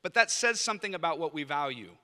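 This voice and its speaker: A man's voice: fairly high pitch, big pitch swings, quick pace, bright, forceful tone. A man who leads a master's program, giving an informal, humorous talk at a lunch event and acting out the people he quotes. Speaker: professor leading a master's program. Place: indoor event room at a lunch. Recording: reverberant hall sound.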